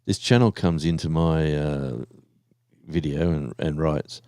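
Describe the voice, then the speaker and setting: A man's voice: extremely low pitch, slow pace, dark tone, no room sound, clean studio sound. An Australian man chatting casually and rambling on a live stream, talking to his viewers in an easygoing way.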